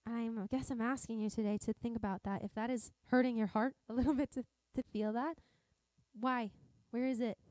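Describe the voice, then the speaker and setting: A woman's voice: a little high, fairly even intonation, fairly quick, darkish tone, no echo. A woman from Montana preaching a sermon in a church service, earnest and conversational, often restarting her sentences. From Montana, USA. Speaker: pastor.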